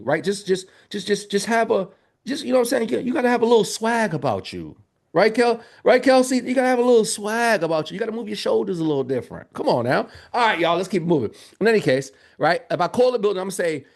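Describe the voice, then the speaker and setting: A man's voice: high voice, fairly quick, gravelly. Upbeat, joking male trainer. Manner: energetic, joking, addresses audience as y'all. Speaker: business trainer. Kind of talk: live training talk.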